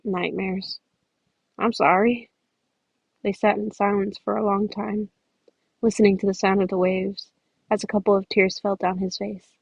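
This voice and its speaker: Casual woman podfic reader; gravelly, husky, very dry recording. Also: medium pitch, completely flat delivery, moderate pace, darkish tone, dry recording, muffled recording. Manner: casual, self-correcting with chatty asides. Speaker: fan fiction reader. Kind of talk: podfic narration.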